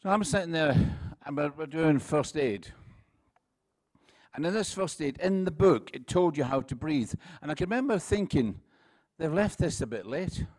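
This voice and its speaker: A Scottish man in his sixties, a pastor preaching a relaxed sermon full of jokes, stories and quick restarts. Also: on the high side. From Scotland. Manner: chatty, self-deprecating, with frequent laughs and restarts. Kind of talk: sermon with humorous anecdotes.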